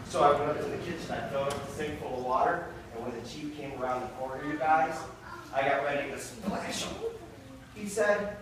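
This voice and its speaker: High-voiced man telling a magic story to kids. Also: a little fast. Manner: animated, keeps calling the kids "you guys". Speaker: children's magician and fire safety performer. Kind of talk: storytelling magic show for children. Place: daycare center room, indoors. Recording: very echoey room, from far off, noisy.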